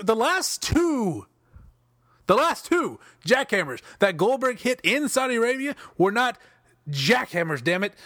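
A man rants in exasperated, animated commentary, his voice sitting high and swinging all over. He swears freely and trips over his own restarts. The sound is dry and close. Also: no room sound. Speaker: wrestling podcast commentator. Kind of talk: ranting commentary.

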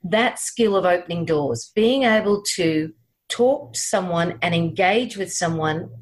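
A woman career coach speaking as a podcast guest, measured and emphatic, repeating her key points. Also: fairly low pitch, lively intonation. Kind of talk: casual interview chat.

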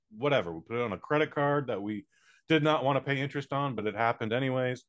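A man's voice: medium pitch, fast, fairly bright tone. A man co-hosting a podcast in casual chat, telling blunt, profane anecdotes. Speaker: podcast co-host.

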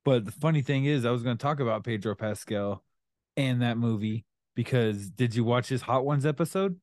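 A man's voice: mid-range voice, normal speed, darkish tone, no room sound, studio quality. A middle-aged man co-hosting a casual father-and-son chat, laid-back and laughing often. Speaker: co-host, father.

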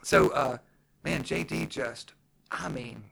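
A man who coaches grappling, chatting casually and telling profane, animated stories. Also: medium pitch, takes it slowly, creaky, breathy edge, low-quality recording. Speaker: jiu-jitsu coach. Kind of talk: casual podcast chat.

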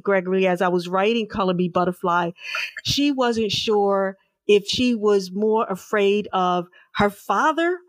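A middle-aged woman, an author, earnestly recounting her family's past as an interview guest, slow and emphatic with repeated words. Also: mid-range voice, no room sound. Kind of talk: personal storytelling in an interview.

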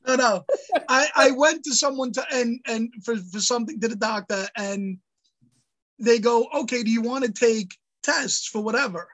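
A man co-hosting a podcast, telling a story in casual chat, animated, swearing and acting out outraged quotes. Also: very high voice, moderate pace, low-quality recording. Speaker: podcast co-host.

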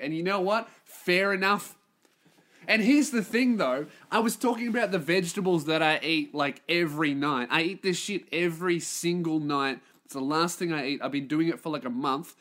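A man's voice: fairly high pitch, normal speed, fairly bright tone. A man hosting a solo podcast, ranting in a sweary, self-mocking way. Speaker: podcast host.

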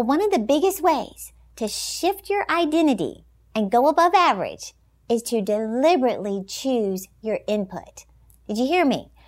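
A woman with a high, bright-toned voice gives an inspirational talk as a Christian motivational speaker. She talks in an emphatic, animated way, often breaking into laughter. Her delivery stays lively and encouraging.

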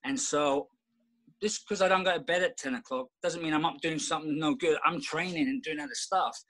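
A man's voice: fairly high pitch, fairly quick, bright, forceful tone, poor audio. A middle-aged man talking as a podcast guest in a rambling, reflective way, with many restarts. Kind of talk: casual conversation.

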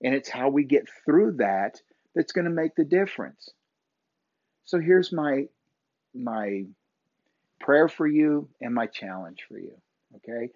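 A man hosting a podcast, giving an earnest faith-based pep talk, repeating himself and halting with many fillers. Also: medium pitch, expressive, no echo, highs cut off. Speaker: podcast host.

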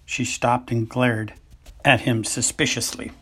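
A man narrating a novel aloud as an amateur audiobook reader, unhurried, with occasional stumbles and self-corrections. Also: medium pitch, flat delivery, a bit bright, breathy edge.

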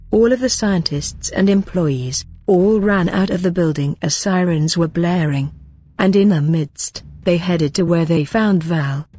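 Husky-voiced woman narrating a story. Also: fairly low pitch, a little mellow. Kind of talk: reading an amateur sci-fi story.

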